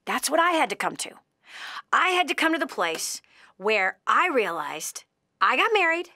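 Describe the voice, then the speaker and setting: A woman hosting a call-in advice show, talking bluntly and emphatically, scolding and coaching her caller, swinging from loud bursts to hushed tones. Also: a little high, no room sound, clean studio sound. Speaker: radio show host giving financial advice to a caller.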